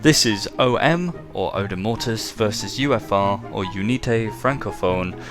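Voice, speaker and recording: A low-voiced English man hosts a casual commentary over a game replay. He keeps it chatty and slips in joking asides as he talks through the action. Music plays clearly beneath his voice the whole time. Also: animated, measured pace. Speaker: game commentator and show host.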